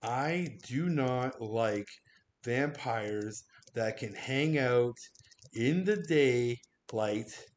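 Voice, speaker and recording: A male movie reviewer talking casually on a stream, his voice sitting at an ordinary mid pitch. He rambles, swears freely and gets animated, often breaking into laughter. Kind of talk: casual livestream chat.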